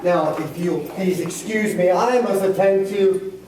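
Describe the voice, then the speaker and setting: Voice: medium pitch, unhurried, darkish tone, close to an everyday voice. A performer playing a haughty society hostess. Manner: haughty, exasperated. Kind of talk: live dinner-theatre comedy. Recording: echoey room from far off, faint noise.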